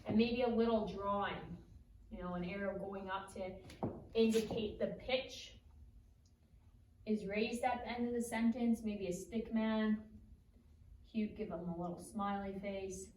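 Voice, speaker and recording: A woman teaching a French lesson at a whiteboard in a classroom, speaking slowly and deliberately and lifting her pitch sharply on example questions. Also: fairly even intonation, darkish tone, a little hiss or hum. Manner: slow, deliberate, with exaggerated rising question pitch. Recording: echoey room, recorded from a distance.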